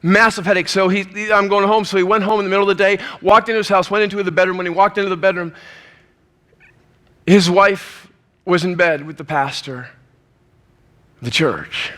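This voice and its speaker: A male preacher telling a story in a sermon, lively and acting out the scenes. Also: sits high, fairly quick, long pauses.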